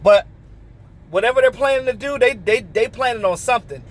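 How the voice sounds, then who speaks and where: A man's voice: extremely high pitch, fairly quick. A man vlogging about football in a casual rant, blunt and heated, swearing freely and firing off rhetorical questions. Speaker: sports vlogger. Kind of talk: casual ranting commentary.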